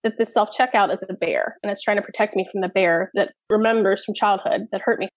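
A woman in her thirties, a parenting expert, telling stories in a lively, casual podcast chat full of fillers. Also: mid-range voice, fairly quick, dry recording. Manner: animated storytelling, many fillers.

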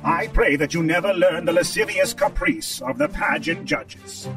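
A man's voice: on the high side, huge pitch swings, moderate pace. A man voicing a dramatic, fussy mechanoid commentator, sarcastic and theatrical, recorded from a distance with music behind.

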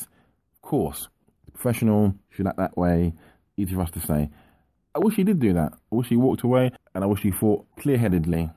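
A man's voice: lowish voice, dark tone, no room sound. A man giving a frustrated, impassioned monologue about a lost football match, repeating himself as he rants. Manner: impassioned, repetitive, ranting. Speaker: football fan commentator.

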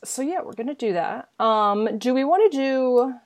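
A woman's voice: high-pitched, expressive, no echo. Playful woman podcast co-host, dry sound. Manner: playful, chimes in with jokes and quick asides. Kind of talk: casual chat.

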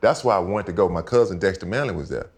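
An older man, a retired football player, talking casually as a podcast guest and telling animated stories, repeating himself for emphasis. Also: low-pitched, fast, slightly rough. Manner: animated storyteller, repeats himself, acts out quotes. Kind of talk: casual storytelling chat. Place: house set for a podcast.

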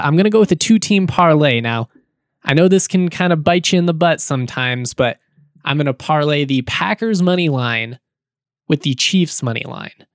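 A man hosts a sports podcast, chatting loosely with fillers and the odd chuckle. His voice sits a bit high, and the sound is dry and close, with no room around it. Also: dry recording. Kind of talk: casual podcast talk and read ad.

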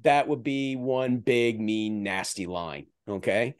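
A man's voice: fairly low pitch, unhurried, dry recording, clean studio sound. A man talking as a guest analyst in a casual podcast chat, rambling with restarts and jokey asides.

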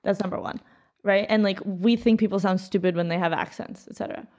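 An American woman in casual conversation, talking in an animated way with many "like" fillers. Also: medium pitch, brisk.

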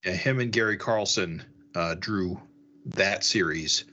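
A man co-hosting a casual comic book podcast, talking in a relaxed, informative way with some hesitation, and a dull recording sound. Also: sits low, measured pace. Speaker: podcast co-host.

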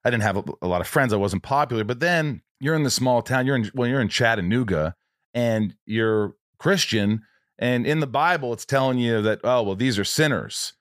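Dude hosting a podcast, blunt casual talk, dry close-up sound. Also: male voice, medium pitch, lively intonation, normal speed, dry recording. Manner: casual, blunt, swears freely. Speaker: podcast host. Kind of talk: casual interview chat.

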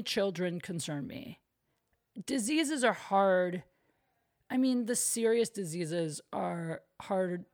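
A woman's voice: lowish voice, gravelly. Chatty young woman podcasting solo. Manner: chatty, self-deprecating, lots of "like". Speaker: podcast host. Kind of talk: casual solo podcast chat. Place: her apartment.

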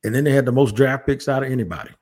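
A man hosting a casual sports podcast, talking in an animated, jokey, rambling way. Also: mid-range voice, racing. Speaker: podcast host.

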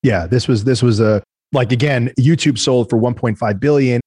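A man, a podcast guest and entrepreneur, telling stories quickly in a casual interview and acting out the people he quotes. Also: medium pitch, slightly rough, no echo, studio quality. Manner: fast, animated storytelling, acting out quoted people.

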